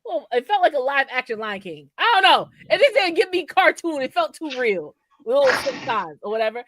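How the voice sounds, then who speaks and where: Brief: jokey woman co-host, high voice, very lively pitch, dry close sound. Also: fairly quick, no room sound. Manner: animated, questioning, jokey. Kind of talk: casual chat.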